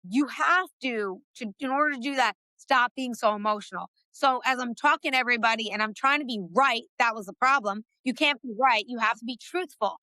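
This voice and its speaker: Bright, lively woman, podcast guest. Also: fairly high pitch, no echo. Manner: animated and fast-talking, fillers like "like". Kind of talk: casual conversation.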